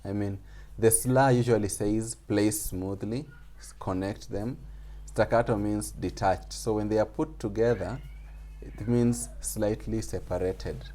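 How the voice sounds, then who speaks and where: Slow, deep-voiced male music teacher. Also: fairly even intonation, dark tone. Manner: patient, explains slowly with fillers and repetition. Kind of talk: online group class lesson. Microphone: video call.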